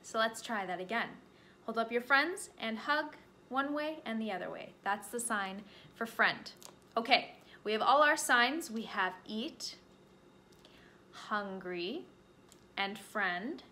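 A woman librarian leading a children's storytime, teaching signs and praising along the way with gentle encouragement. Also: a little high, animated, slow pace, slight background noise. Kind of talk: children's storytime with sign language.

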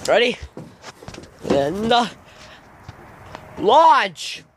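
A man's voice: high voice, big pitch swings, extremely slow, noisy background. A young man vlogging outdoors in fog on his own phone camera, grumbling and swearing constantly in a casual rant. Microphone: phone camera held by the speaker.

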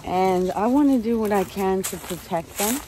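A chatty, earnest woman talks while hiking through the woods, a little out of breath. Her voice has a middling pitch. Clear outdoor noise sits under the recording. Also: normal speed. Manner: chatty and earnest, self-described spiritual practitioner. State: out of breath from walking. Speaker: vlogger. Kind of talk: casual walking vlog.

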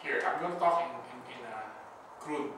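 A man's voice: medium pitch, normal speed. A man giving a casual Bible school lecture, talking conversationally and checking in with the class with frequent questions. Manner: conversational, asks the class "right?" often, acts out scenarios. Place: church classroom. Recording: echoey room, far mic, background noise.

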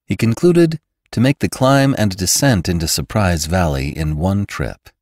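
Deep male narrator for classic fiction; measured and expressive, very low voice with lively rise and fall, dry close sound. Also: no room sound. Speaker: narrator and podcast host. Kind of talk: scripted audiobook narration.

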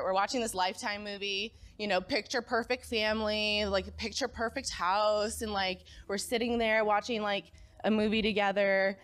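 A young woman gives a personal testimony to a church crowd, her voice pitched in a middle range. She talks casually and conversationally and keeps pulling the room in with quick questions. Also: a bit bright, smooth. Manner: casual and conversational, often asks the crowd "right?"; engages the audience, asks them to call out. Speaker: speaker at a young adults' church gathering.

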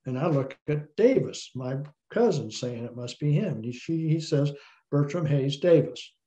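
Man telling family stories, mellow voice. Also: fairly high pitch, measured pace. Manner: animated anecdotal storyteller. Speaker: interview guest. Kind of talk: storytelling in an interview. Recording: slightly dull, lo-fi sound.

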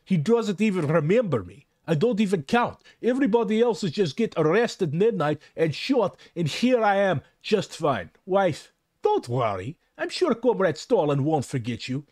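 A man voicing a boastful old male Bolshevik in a deliberately bad fake Russian accent. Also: high voice, very animated, a little mellow, dry recording, clean studio sound, pitched above the performer's own voice. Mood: smug.

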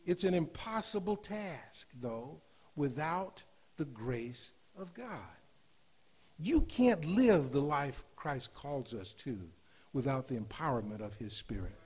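A man preaching a sermon in a church, rising to loud emphatic scripture reading and dropping to softer asides. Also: fairly high pitch, animated, slow pace, husky. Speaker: guest preacher. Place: church sanctuary.

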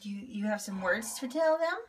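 A woman's voice: medium pitch, lively intonation, normal speed, slight background noise. A young woman and mother co-hosting a casual family vlog, easygoing and playful, adding short comments.

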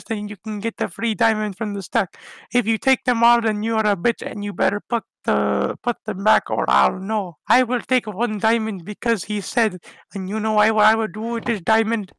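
A man doing a high, gravelly silly kid voice. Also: steady tone, moderate pace, fairly bright tone, no echo, rough recording. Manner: broken, childlike grammar and silly non-sequiturs. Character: naive, rambling young boy playing a video game. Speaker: game commentator. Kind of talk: comedic gameplay commentary.

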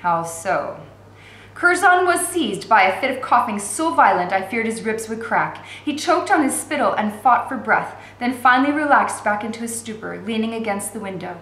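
A woman teacher reading a novel aloud in a steady, expressive way. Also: fairly high pitch, normal speed, few pauses, roomy sound, poor audio. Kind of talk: read-aloud narration.

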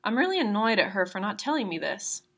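A woman reading a novel aloud at a steady pace, adding brief asides about the chapters. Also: mid-range voice, fast. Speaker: reader of a novel.

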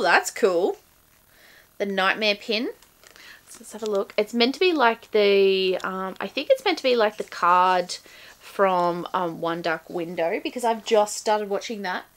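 A woman's voice: on the high side, fairly bright tone, a little hiss or hum. A woman hosting a casual book-box unboxing, chatting in a rambling way with frequent ums and self-corrections. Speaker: book channel host.

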